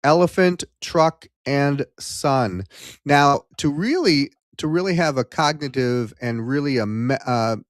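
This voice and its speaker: A man hosting a casual live-stream talk show on hypnosis, rambling with many ums and restarts, then leading a calm guided memory exercise. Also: mid-range voice, no room sound, clean studio sound.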